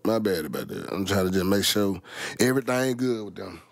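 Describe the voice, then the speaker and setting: A man's voice: fairly low pitch, fairly quick, gravelly, dry recording. A middle-aged man, rambling casually to his viewers, full of slang and swearing. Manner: profane, rambling, heavy slang. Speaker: vlogger.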